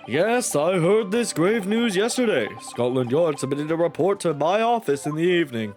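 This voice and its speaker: A man's voice: on the high side, very animated, moderate pace, darkish tone, soft background music. A man doing a pompous old judge. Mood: formal. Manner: formal, stately.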